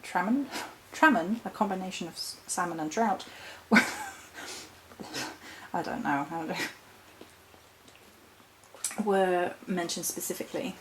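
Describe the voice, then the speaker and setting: A woman's voice: lowish voice, a little hiss or hum, poor audio. A woman vlogger talking in a thoughtful, meandering way about her spiritual practice, breaking off now and then to correct herself. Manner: thoughtful, meandering, with self-interruptions and laughs. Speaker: witch vlogger. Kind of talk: reflective spiritual vlog.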